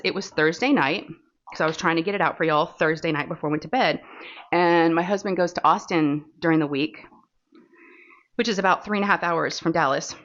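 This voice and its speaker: Texan lady rambling away while she crafts, lowish voice, muffled phone audio. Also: a bit bright. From Texas. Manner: chatty and rambling, with many fillers and laughs. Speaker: crafting channel host. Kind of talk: casual chat while diamond painting. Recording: dull lo-fi phone recording.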